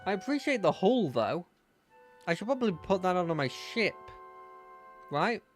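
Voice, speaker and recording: Guy doing a lets play, reads the story text out loud and rambles about his gear, kinda high voice, music on low. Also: big pitch swings, unhurried. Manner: casual, reads narration aloud, thinks out loud. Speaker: gamer. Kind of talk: let's play commentary and reading game text.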